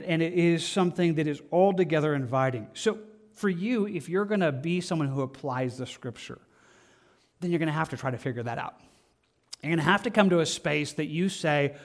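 Middle-aged male pastor with a high-ish voice, earnest and chatty from the pulpit. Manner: earnest, conversational preaching with repetitions. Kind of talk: sermon.

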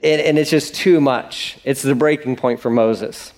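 A man preaching as a pastor, casual and jokey, acting out the grumbling of the people in quick bits of voice. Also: mid-range voice. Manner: lively, jokey, acts out voices of complainers. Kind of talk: sermon.

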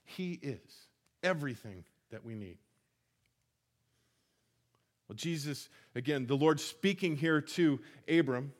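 A man's voice: fairly high pitch, lively intonation, a little slow. A man preaching a sermon, retelling scripture stories in an earnest, conversational way with frequent restarts. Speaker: pastor.

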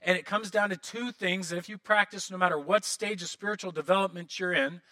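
A man in his thirties preaching a sermon as pastor, animated, often acting out prayers and quotes in other voices. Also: sits high, fairly quick.

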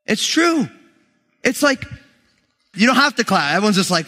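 A man's voice: sits high, very animated, normal speed, bright, forceful tone. A man in his thirties preaching a sermon as a pastor, emphatic and joking with the congregation. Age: 30s. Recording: long hall reverb.

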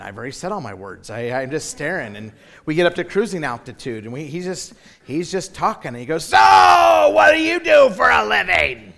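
A male pastor preaching a sermon, telling a personal story in an animated way and often repeating words as he restarts. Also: medium pitch.

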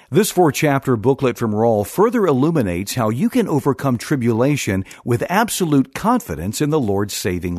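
Male ministry announcer, husky, dry close read, lively inflection. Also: medium pitch, no echo. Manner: smooth, measured announcer delivery. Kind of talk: scripted announcement.

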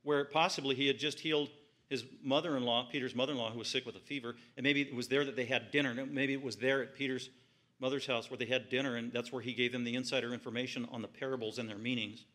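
A man's voice: medium pitch, steady tone, fast talker, a bit bright. A man preaching an expository sermon in church, reading scripture aloud and then explaining it with rising emphasis. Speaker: pastor.

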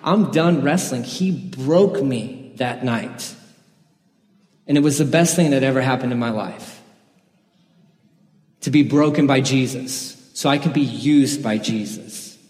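A man's voice: medium pitch, measured pace, long pauses, darkish tone. A man preaching a sermon, telling his own conversion story in an earnest, personal way with the odd laugh. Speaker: pastor. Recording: echoey hall.

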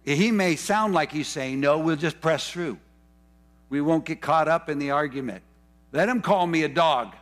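Fervent preacher man, fairly high voice. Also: normal speed, a bit bright. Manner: fervent, repeats key phrases for emphasis; rambling asides and self-corrections. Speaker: pastor. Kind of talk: sermon.

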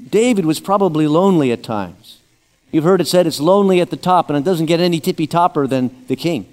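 A man preaching a sermon with a slightly higher-than-usual voice in a church sanctuary, with long reverb trailing each phrase. He keeps an easygoing, conversational tone and slips in light humor. He slows down and drops low when he reads scripture. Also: a little mellow. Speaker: pastor.

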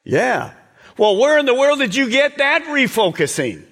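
A man's voice: big pitch swings, slow pace, fairly bright tone, in a large hall, heavily acted. A man preaching acts out puzzled disciples, raising his voice in disbelief. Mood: incredulous. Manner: raised, incredulous, higher-pitched. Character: baffled, pleading men, followers.

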